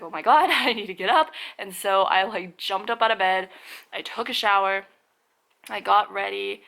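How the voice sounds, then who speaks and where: A woman's voice: mid-range voice, creaky, bright, forceful tone, poor audio. A young woman vlogging at home, rambling and chatty with lots of fillers. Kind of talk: casual vlog chat. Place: home and garage.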